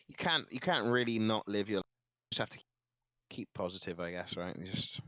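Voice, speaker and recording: A man's voice: lowish voice, normal speed, sharp tone, lo-fi sound. A man in casual chat on a call, easygoing, laughing a lot and groping for words. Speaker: streamer guest.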